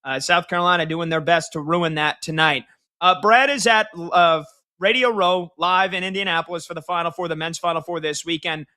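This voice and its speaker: A man's voice: a little high, steady tone, brisk, sharp tone, clear, resonant tone. A man hosting a sports radio show, giving score updates with casual asides and handing off to his co-host.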